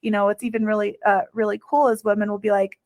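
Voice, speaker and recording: A woman's voice: medium pitch, level tone, fast, a little mellow, dry recording. A woman hosting a podcast interview, explaining pelvic floor work in an earnest, chatty way with many "you know"s and "like"s. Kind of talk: conversational interview chat.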